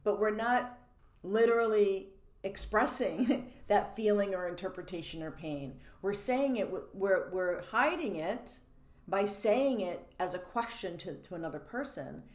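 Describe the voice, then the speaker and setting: A woman teaching as a coach in a lively, animated way, laughing between points and acting out the questions people ask. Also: medium pitch, unhurried. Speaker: codependency coach. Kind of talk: teaching monologue. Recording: roomy echo.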